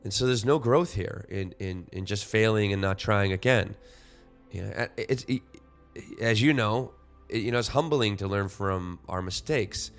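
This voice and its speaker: Faint music plays behind a man in his forties as he hosts a solo podcast in a lowish voice at normal speed. His talk is reflective and rambling, with many restarts and frequent "you know" fillers.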